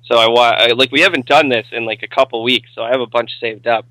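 A man's voice: medium pitch, steady tone, quick pace, pushed and bright, no echo, low-quality recording. A young man chats about films on a podcast with friends. He rambles, swears casually and laughs easily. His voice sits close and dry. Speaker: podcast co-host. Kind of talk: casual movie discussion.

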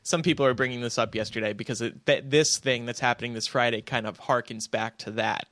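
A man's voice: mid-range voice, steady tone, a little fast, a bit bright, no echo. A man hosting a casual movie chat, talking in a chatty way with frequent restarts. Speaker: podcast host.

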